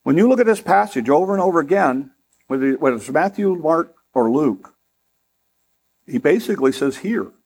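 A middle-aged man preaching a sermon in a conversational way, with humorous asides and rising emphasis, turning softer and slower when he prays. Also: lively intonation, breathy edge. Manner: softer, slower and lower in prayer. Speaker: pastor.

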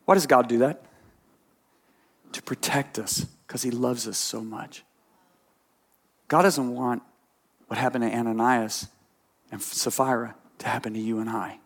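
A man preaching a sermon as pastor, telling stories in an animated way that swings between quiet asides and emphatic points. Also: mid-range voice, unhurried, long pauses.

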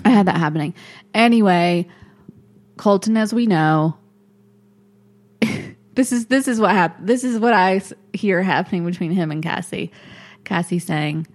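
A woman's voice: fairly low pitch, measured pace, long pauses. A woman co-hosting a casual chat, retelling events animatedly and acting out quoted dialogue.

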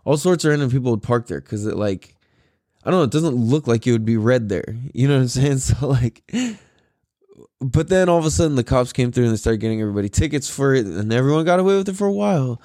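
This casual solo podcast monologue comes from a tired young host whose medium-pitched, mellow voice is expressive and quick. He rambles easily, swearing, laughing and using plenty of fillers, captured in a dry, studio-quality recording.

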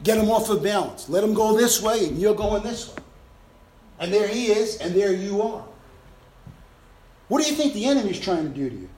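A male preacher with a high-pitched voice delivers his sermon with emphatic bursts and playful sound effects. The sound rings out with a roomy echo. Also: lively intonation, moderate pace, pauses often, darkish tone.

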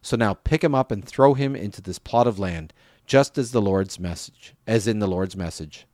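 A man with a somewhat low voice reads a Bible passage aloud in an even, steady way. The sound is close and dry, with no room around it. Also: normal speed, no echo. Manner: steady reading, lifts voice for quoted speech. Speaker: scripture reader.

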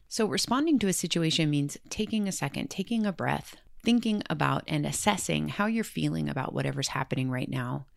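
Woman, low gravelly voice, earnest podcast host, casual self-help talk, dry close mic. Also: no echo.

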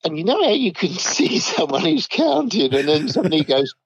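A man's voice: sits high, sing-song, fairly quick, breathy edge, dry recording. An older man, casually telling army stories and often chuckling. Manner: chuckles often, acts out quoted voices. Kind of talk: casual storytelling chat. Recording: dull dry recording.

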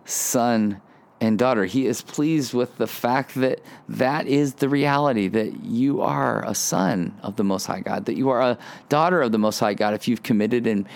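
Gravelly-voiced male pastor preaching. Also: mid-range voice. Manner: animated, acts out childlike boasting in a raised voice. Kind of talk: sermon.

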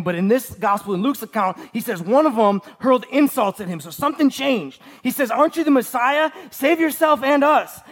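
A man with a strikingly high voice delivers a sermon. He preaches emphatically, circling back to repeat his key lines and checking in with the listeners through quick rhetorical questions. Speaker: pastor.

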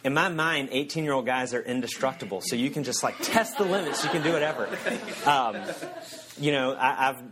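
Pastor preaching with humor. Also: male voice, mid-range voice, a little fast, a loud crowd, heavy background noise. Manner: storytelling, self-mocking, chuckles often. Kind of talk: sermon. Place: church.

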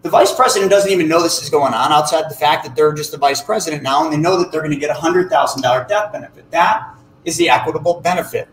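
A man with a fairly high voice explains finance to an audience. He is animated and acts out short dialogues as he goes. The room is echoey, with faint noise behind him. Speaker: financial educator.

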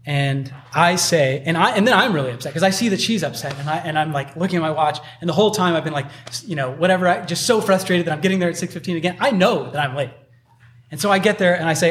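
A man's voice: fairly high pitch, quick pace, a bit bright, slight background noise. A man preaching a sermon in a loose, conversational way, full of fillers. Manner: conversational, uses many filler likes. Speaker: pastor.

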